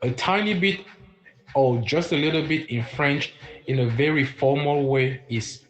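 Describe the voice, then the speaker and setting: A man teaching a live-streamed beginner French lesson, repeating words slowly and chatting with viewers in the comments. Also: fairly high pitch, a bit bright, low-quality recording.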